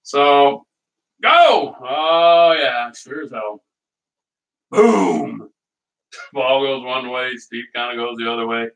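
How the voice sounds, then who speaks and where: Speaking slowly with long pauses, a middle-aged man with a mid-range, fairly bright voice hosts a cooking show from his home kitchen. He chats casually over the cooking, telling meandering stories and frequently laughing. His voice sounds far from the mic.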